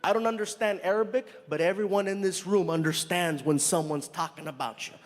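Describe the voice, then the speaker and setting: High-voiced animated stand-up comic. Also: male voice, brisk. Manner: animated, conversational, acts out scenes. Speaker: stand-up comedian. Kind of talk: stand-up storytelling. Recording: live stand-up in a hall with reverb.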